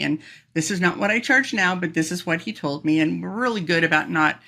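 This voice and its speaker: Woman speaker telling stories, bright voice with a gravelly edge, laughs a lot. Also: lowish voice, fast. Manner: animated, laughs often, acts out quoted voices. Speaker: professional speaker, guest. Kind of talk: casual storytelling interview.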